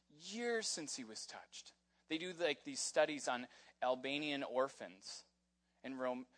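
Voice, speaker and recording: A man preaching a sermon in a casual, animated storytelling way, with frequent fillers as he talks. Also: medium pitch. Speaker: pastor. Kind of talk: conversational sermon.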